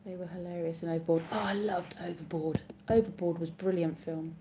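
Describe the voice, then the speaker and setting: A woman's voice: on the low side, level tone, brisk, dark tone, slight background noise. A woman from Oxfordshire with an English accent, chatting casually on a live stream, rambling and correcting herself as she answers viewer comments. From Oxfordshire, England. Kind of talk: casual chat reading viewer comments aloud.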